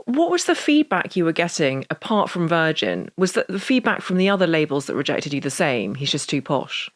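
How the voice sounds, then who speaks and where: A woman hosting a podcast interview, asking brisk, direct questions. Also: fairly low pitch, sing-song. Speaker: podcast host.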